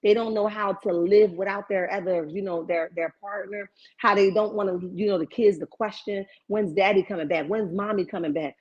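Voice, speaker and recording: A woman hosts a casual live stream, reading chat comments and riffing on them with animated, preachy, sassy outbursts. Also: mid-range voice, moderate pace, few pauses. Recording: dull lo-fi stream audio.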